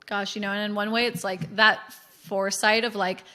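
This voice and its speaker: Podcast guest, woman, 30s, from the US; candid, animated storytelling, middle pitch. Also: brisk. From United States. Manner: chatty, animated, frequent fillers and laughs.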